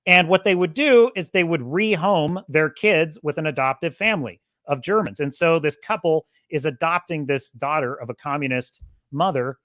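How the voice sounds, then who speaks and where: A man's voice: on the high side, moderate pace, a bit bright, dry recording, clean studio sound. A man hosting his own podcast, talking in an emphatic, rambling way with many restarts. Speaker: podcast host. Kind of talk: casual opinion monologue.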